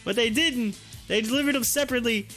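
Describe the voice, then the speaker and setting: Brief: chatty male streamer, very high bright voice, faint music behind. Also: quick pace. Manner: chatty, laughs often, frequent restarts. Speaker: live stream host. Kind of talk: casual chat, storytelling. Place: home.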